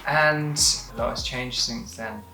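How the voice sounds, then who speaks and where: A man's voice: medium pitch, fairly even intonation, measured pace, vocal fry, recorded from a distance, over a noisy crowd. A man from England co-hosting a couple's vlog, chatting casually and throwing in wry, dry asides. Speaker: vlogger co-host. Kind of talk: casual chat. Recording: roomy room echo, faint music.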